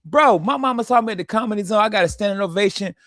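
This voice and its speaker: A man telling animated, slangy stories and laughing often on a comedy radio show. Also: high voice, fast, no room sound, studio quality. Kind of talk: casual comedy radio banter. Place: radio studio.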